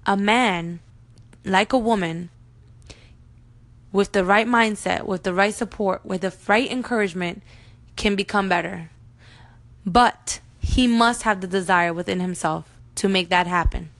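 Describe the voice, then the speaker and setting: A woman's voice: medium pitch, unhurried, pauses often, a bit bright. Heartfelt woman sharing her birth story. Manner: emotional, heartfelt, earnest; addresses viewers directly. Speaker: mom vlogger. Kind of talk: personal storytelling to camera.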